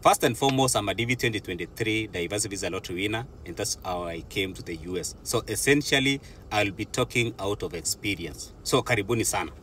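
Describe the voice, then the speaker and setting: A man's voice: fairly low pitch, expressive, fast, fairly bright tone, a little hiss or hum. A young Kenyan man with a Kenyan accent, talking casually to his viewers and mixing English with Swahili as he goes. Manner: mixes English with Swahili, chatty and laughing. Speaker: vlogger. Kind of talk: casual talk to camera.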